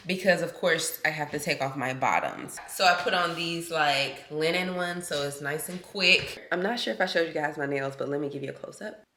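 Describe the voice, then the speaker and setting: A woman's voice: sits low, fairly bright tone, echoey room. A woman, talking to camera in a casual vlog, chatty and blunt, swearing freely. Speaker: vlogger.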